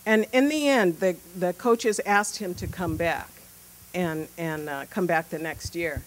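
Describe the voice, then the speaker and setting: A woman pediatrician giving a casual, animated conference talk built on personal stories, with frequent fillers. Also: on the low side, measured pace, slight background noise, low-quality recording. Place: conference room.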